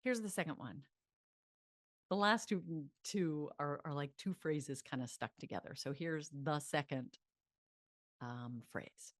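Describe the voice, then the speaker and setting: A woman psychologist teaching self-help, chatty and animated, leading mantras aloud. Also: sits low, a little slow, no room sound, clean studio sound.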